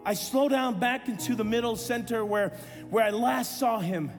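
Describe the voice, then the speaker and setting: A man in his thirties, a pastor, preaching a sermon and telling a personal story with animated self-deprecating humor. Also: very high voice, moderate pace, in a large hall, music in the background.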